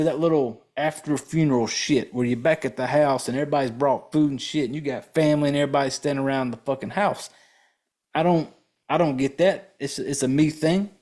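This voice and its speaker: A man's voice: on the high side, a little mellow. A man hosting a podcast, recapping a horror film in a casual, blunt and profane way, rambling with fillers and restarts and talking straight to his listeners.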